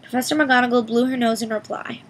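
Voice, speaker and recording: A woman's voice: a little high, fast, a little hiss or hum, poor audio. Woman reading a storybook aloud. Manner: expressive, voicing each character. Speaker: reader. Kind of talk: audiobook reading with character voices.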